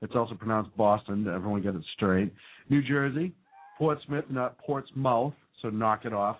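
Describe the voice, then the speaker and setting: A man's voice: on the low side, brisk. Talk radio co-host, male, rambling with ums, tinny narrow sound. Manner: rambling, reads lists with fillers. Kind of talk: casual talk radio chat. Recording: phone-like narrow band.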